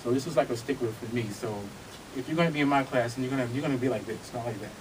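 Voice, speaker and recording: A man's voice: medium pitch, very fast, background noise. Breathless man teaching a dance class. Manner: casual, checks in with "right?" between demonstrations. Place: dance studio with music playing. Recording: music playing behind.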